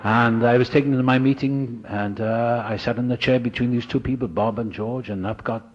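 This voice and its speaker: A man speaking at a recovery meeting, telling his story in a lively, dramatic way and acting out the voices of other people. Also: medium pitch, moderate pace. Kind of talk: storytelling talk. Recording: dull lo-fi recording.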